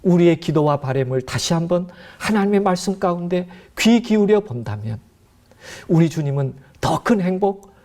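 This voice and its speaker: Male pastor, earnest exhorting sermon, rapid-fire pace. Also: high-pitched, expressive, a little mellow.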